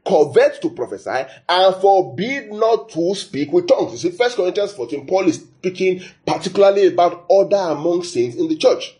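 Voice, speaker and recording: A man's voice: high voice, normal speed, hardly any pauses. A man from Nigeria preaching a sermon, repeating phrases and quizzing his listeners. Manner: lively, asks the audience questions, repeats phrases.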